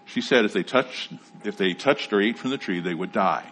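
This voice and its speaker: A man preaching a sermon, explaining scripture in a measured teaching manner and reading passages aloud. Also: on the low side, animated, fairly bright tone, slight background noise. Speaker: pastor.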